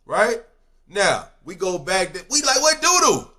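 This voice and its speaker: A young man telling a street story in casual slang, swinging between loud outbursts and low mumbles. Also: very animated, a little slow.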